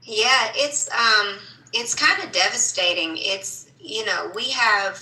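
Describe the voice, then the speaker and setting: A woman's voice: mid-range voice, slow, pushed and bright. A woman guest on a podcast, earnestly explaining with frequent "um"s. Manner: earnest, explanatory, many fillers. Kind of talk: interview answers. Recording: echoey, distant from the mic.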